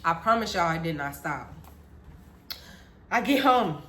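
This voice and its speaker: A woman vlogger telling her childhood story in casual chat, animated, laughing often and calling her viewers y'all. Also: fairly low pitch, measured pace.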